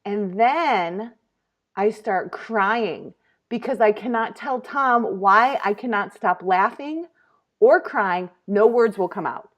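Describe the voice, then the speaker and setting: A woman in her thirties hosting a comedy talk show, telling a story in an animated, laughing, casual way. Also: mid-range voice, takes it slowly.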